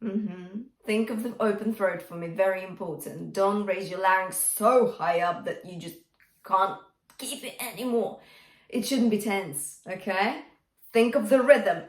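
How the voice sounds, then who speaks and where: A woman's voice: mid-range voice, unhurried, a little mellow, faint music behind. A woman teaching a singing lesson as a vocal coach, encouraging and singing example phrases. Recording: roomy and a bit distant from the mic.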